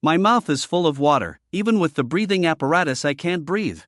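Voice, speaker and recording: A man's voice: a little high, lively intonation, fairly quick, a bit bright, no echo, studio quality. A man doing a despairing older male diver.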